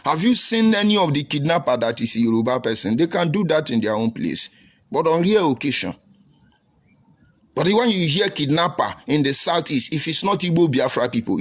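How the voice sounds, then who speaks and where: In a mid-range voice, a man with a Nigerian English accent hosts a preaching livestream, responding to viewer comments in a combative, preachy style packed with rhetorical questions.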